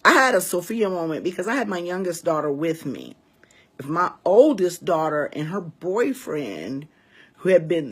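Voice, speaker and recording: A woman's voice: low-pitched, husky. A woman in her forties from Chicago's West Side, telling a story to her viewers in a casual, emphatic and profane way. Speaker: vlogger and priestess.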